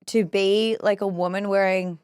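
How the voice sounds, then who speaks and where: A woman's voice: mid-range voice, steady tone, moderate pace, a little mellow, clear, resonant tone, dry recording, studio quality. A woman with an Australian accent, a podcast guest telling rambling, playful stories in casual chat.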